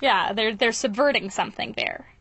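High, bright-voiced excitable woman. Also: moderate pace, slightly rough. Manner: enthusiastic, laughs often, animated retelling. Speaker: podcast co-host. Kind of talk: casual chat.

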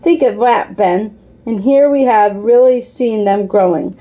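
A woman reading aloud, voicing a strong, gentle boy in a storybook in a plain, kindly way. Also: medium pitch, unhurried, muffled recording, natural voice. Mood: fond.

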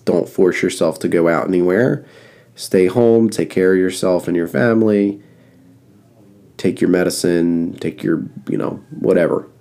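A man hosting a casual solo podcast, congested and coughing, rambling in a flat monotone with lots of fillers, close to the mic. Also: low-pitched. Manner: rambling, repeats advice with fillers. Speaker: podcast host.

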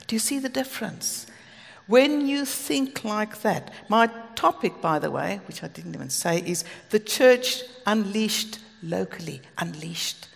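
A woman's voice: mid-range voice, animated, a little slow, gravelly, breathy edge. A South African woman preaching a sermon, telling stories earnestly with asides. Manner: earnest, storytelling, with asides and light laughs. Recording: long hall reverb.

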